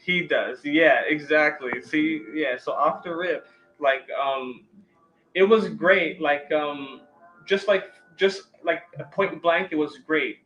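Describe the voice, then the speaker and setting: A man's voice: on the high side, slow, fairly bright tone, highs cut off. A man hosting a live-stream tarot reading, talking loosely with many fillers and restarts.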